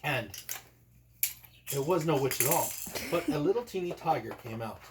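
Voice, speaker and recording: A man's voice: on the high side, lively intonation, moderate pace. A man, a father, improvising a playful, meandering bedtime story for his kids at home. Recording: roomy, distant, noisy home recording.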